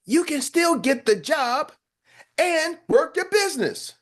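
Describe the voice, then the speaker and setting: A man's voice: very high-pitched, expressive, slow. A man giving a motivational talk as a business coach, blunt and colloquial, repeating phrases for emphasis.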